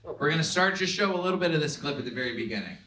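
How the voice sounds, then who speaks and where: A man's voice: on the high side, expressive, rapid-fire. A man from the American South hosting a live comedy game show, teasing his contestants and laughing as he talks. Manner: teasing, playful, laughing while talking. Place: comedy club stage. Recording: live club crowd noise. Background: live audience laughing.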